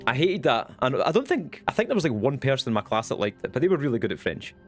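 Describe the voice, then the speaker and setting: A young man with a Scottish accent talks off the cuff to his stream audience, rambling from one thought to the next and dropping the odd swear. His voice sits at an ordinary middle pitch, and faint music plays underneath. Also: big pitch swings, fast. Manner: rambling, chatty, swears casually. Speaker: Twitch streamer. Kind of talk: casual live-stream chat.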